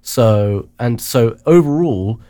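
Halting man hosting a chat show. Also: mid-range voice, expressive, dark tone, no room sound, studio quality. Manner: rambling, halting restarts. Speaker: radio show host. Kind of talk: casual news chat.

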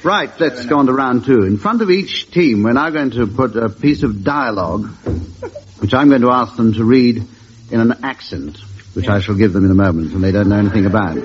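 A man's voice: mid-range voice, fairly quick. A man hosting a comedy panel game as quizmaster, explaining rounds while fighting back laughter. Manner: amused, stifling laughs. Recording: muffled old radio recording with hiss.

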